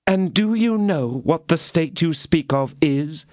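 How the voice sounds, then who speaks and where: A man voicing a fierce, scornful young woman in an audiobook, speaking in an indignant, cutting way with a raised pitch. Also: expressive, unhurried, a little mellow, no room sound, studio quality. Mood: accusing.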